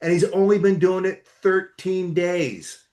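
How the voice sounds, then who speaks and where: A man's voice: sits high, fairly even intonation, a little slow, darkish tone. Eager rambling man, roomy echo. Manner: enthusiastic, rambling with restarts. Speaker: podcast guest, entrepreneur. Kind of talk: casual storytelling chat. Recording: echoey room.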